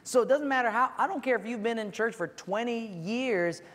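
A man's voice: extremely high pitch, normal speed, fairly bright tone. A male pastor giving an earnest, conversational sermon in a large church hall.

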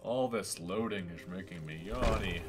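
A playful man with a somewhat low voice narrates his own gameplay. He teases the characters and jokes to himself, while game music plays loudly behind him. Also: moderate pace. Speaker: gaming YouTuber. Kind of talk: casual Let's Play commentary.

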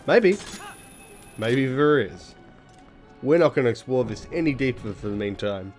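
A man's voice: medium pitch, normal speed, a little mellow, faint music behind. A young man giving rambling, jokey, sweary commentary while playing a video game. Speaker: let's play host. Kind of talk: casual gameplay commentary.

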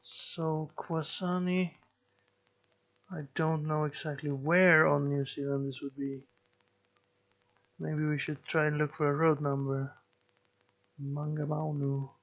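A man giving slow let's play commentary, musing and thinking aloud as he plays. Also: a little high, a bit bright, dull audio. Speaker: gameplay commentator.

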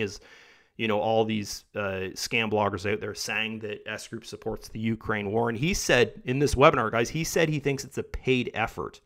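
A man hosting his own video, talking casually and rambling with lots of fillers, tagging "guys" and "right?" onto his sentences, his voice going a bit rough. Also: lowish voice, normal speed, fairly bright tone. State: losing his voice. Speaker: video host. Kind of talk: casual monologue to camera.

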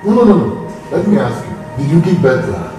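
Defensive, coaxing husband. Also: male voice, a little high, sing-song, fast talker. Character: busy middle-aged husband, defensive and coaxing. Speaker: actor. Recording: distant echoey room with music.

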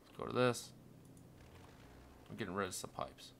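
A young man commentating his city-building game, muttering along and then bursting into panicked, cursing shouts. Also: fairly low pitch, sing-song, normal speed, a little hiss or hum. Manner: swings from mumbling to panicked yelling, swears constantly. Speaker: gameplay streamer. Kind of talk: casual let's-play commentary.

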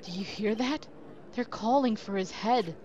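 A woman's voice: mid-range voice, unhurried, darkish tone, lo-fi sound, a little hiss or hum. A woman commenting playfully on a video game as she plays, joking and reacting. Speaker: let's player. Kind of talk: casual game commentary with voiced dialogue.

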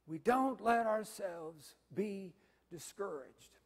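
A pastor in his fifties preaching a sermon, swinging from loud stressed phrases to hushed asides. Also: high-pitched, very animated, slow pace. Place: church sanctuary. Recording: reverberant sanctuary.

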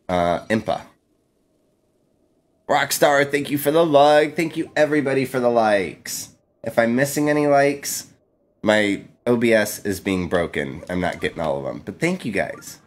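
A man streams a video game live, his medium-pitched voice animated and a little slow. He laughs often, exclaims playfully and keeps thanking his chat throughout the commentary.

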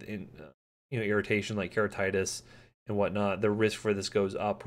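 A man giving a live pharmacology lecture in a conversational way, with frequent ums and pauses to answer student questions. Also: fairly low pitch, slight background noise.

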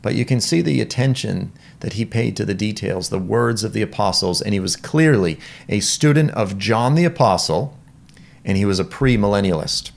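A middle-aged man teaching a Bible lesson, his low voice carrying a gravelly rasp. He explains each point with earnest emphasis and leans into the quotes he reads aloud, in the steady manner of a classroom lecture. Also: normal speed. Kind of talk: lecture on church history.

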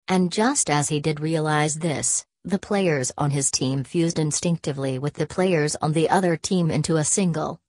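A woman narrating an audiobook in an even, deliberate manner. Her voice sits low, and the recording is dry and close with no room sound. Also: no room sound.

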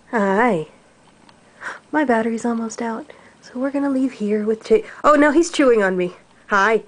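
A young woman talks to her cat on the stairs at home in a high, lilting baby-talk voice. Her pitch swings widely and she draws her words out slowly, sometimes sinking into a soft whisper. It sounds like a handheld camera mic. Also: animated. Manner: sing-song baby talk, coaxing, drops to soft whispers. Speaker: cat owner filming her pet. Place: house stairway, indoors.

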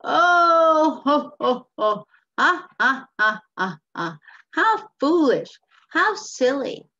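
A woman voicing gawking, mocking townsfolk in a storybook with squealing, high exclamations, on a muffled lo-fi recording. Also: sing-song, very slow, pushed and bright, exaggerated voice.

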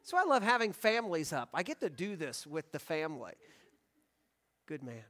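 A man in his thirties with a high, light voice leads worship as pastor. He talks to the congregation in a relaxed, joking way. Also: moderate pace. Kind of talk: sermon. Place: church sanctuary.

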